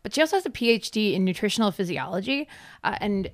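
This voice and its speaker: A woman with a raspy voice co-hosting a podcast as a sports journalist, upbeat and brisk. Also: mid-range voice, very animated, dry recording, clean studio sound. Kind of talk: podcast intro and casual chat.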